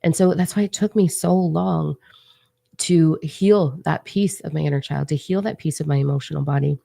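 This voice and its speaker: A woman with a low voice and a gravelly edge tells her own story. She talks casually, full of fillers, and sounds lively and dramatic. The sound is dry, with no room echo. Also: moderate pace. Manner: casual and animated, many "like" fillers. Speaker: spiritual channel host. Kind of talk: personal storytelling.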